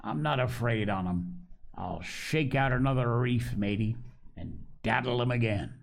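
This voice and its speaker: A man's voice: mid-range voice, animated, a little slow, gravelly. A man voicing an ailing old male sea captain who craves rum, speaking in a coarse sailor's dialect with pleading and cursing. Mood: urgent.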